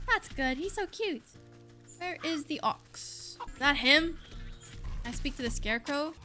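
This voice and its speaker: A woman's voice: sits high, very animated, unhurried, bright, forceful tone, soft background music. A woman giving playful, chatty let's play commentary, talking to game characters. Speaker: gaming channel host.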